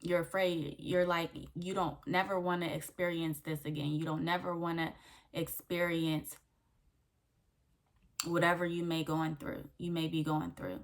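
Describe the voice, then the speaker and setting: A woman's voice: low-pitched, flat delivery, unhurried. A young woman hosting her faith channel, giving an earnest devotional teaching that repeats key phrases and checks in with "okay?". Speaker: faith coach and channel host.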